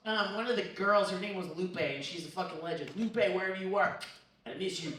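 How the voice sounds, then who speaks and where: On a comedy bar stage, a young storyteller comic delivers a vulgar, swear-filled story at her own expense during a live storytelling show. Her voice is lowish and brisk. The audio comes from a distance in a reverberant room, with crowd noise and laughter behind her.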